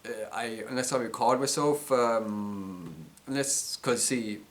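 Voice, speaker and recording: A man's voice: mid-range voice, slow. An Irish man rambling through a casual vlog monologue, hesitant, with many ums and restarted words. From Ireland. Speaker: vlogger.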